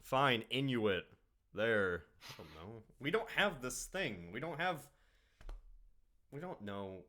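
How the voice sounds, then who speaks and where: A man's voice: mid-range voice, sing-song, slow, pushed and bright. A man from the American Midwest hosting a casual podcast chat, joking, laughing often and acting out his own reactions. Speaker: podcast host.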